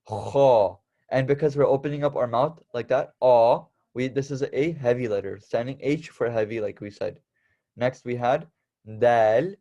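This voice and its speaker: With dull audio and a somewhat mellow mid-range tone, this young male Arabic alphabet teacher keeps his lesson relaxed. Patiently, he repeats each letter sound and puts stress on it.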